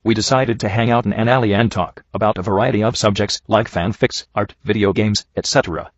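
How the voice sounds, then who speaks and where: A man reading a badly written story aloud in a dry, sarcastic, deadpan way, mocking it as he goes. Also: fairly low pitch, a little fast, no room sound. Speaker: reviewer reading bad fanfiction. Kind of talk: dry comedic reading and commentary. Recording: dull lo-fi home recording.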